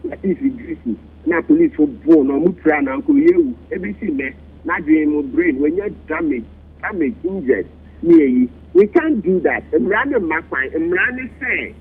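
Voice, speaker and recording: A husky, raspy Ghanaian man arguing a point on a radio talk show, his voice leaping high and low with lively emphasis. The sound is thin and dull, like an old broadcast feed. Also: moderate pace. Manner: animated, swinging pitch, mixing languages. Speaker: political commentator. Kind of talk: animated radio discussion.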